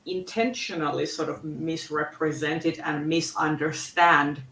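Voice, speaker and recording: A woman on a video call in a casual book club discussion, speaking haltingly with many restarts. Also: sits low, fairly even intonation, a bit bright, a little hiss or hum. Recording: roomy echo.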